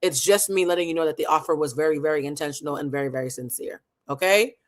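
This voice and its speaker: A livestream host speaking with passion and emphasis, leaning hard on key words. Their voice sits at a middle pitch. They often call their audience honey and baby. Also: fast talker. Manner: emphatic, impassioned, calls listeners honey and baby. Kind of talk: live commentary talk show.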